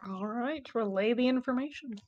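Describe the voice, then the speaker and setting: A woman with a somewhat high voice playing in a tabletop role-playing game. She chats casually and matter-of-factly while adding up her numbers and bonuses. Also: moderate pace, dull audio. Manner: matter-of-fact, adds up dice bonuses. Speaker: player.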